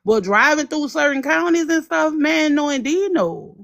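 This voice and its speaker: New orleans woman on a live stream, high voice, real emphatic. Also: lively intonation, moderate pace, vocal fry, crowd noise. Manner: emphatic, opinionated. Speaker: livestream guest. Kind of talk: casual livestream chat.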